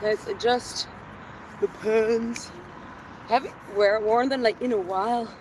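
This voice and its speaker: A woman's voice: fairly high pitch, steady tone, slow. Chatty woman vlogging a workout outdoors. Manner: chatty, reads viewer comments aloud between sets; counts exercise reps, winded. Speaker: fitness vlogger. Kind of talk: casual live-stream workout chat. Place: outdoors in a city. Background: faint traffic and street noise.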